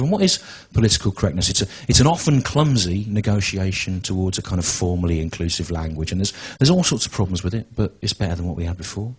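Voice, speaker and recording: Halting deadpan comedian in his forties. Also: low-pitched, husky, rough recording. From England. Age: 40s. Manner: deadpan, halting, full of restarts and asides. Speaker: stand-up comedian. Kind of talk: stand-up comedy routine. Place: comedy venue with a live audience.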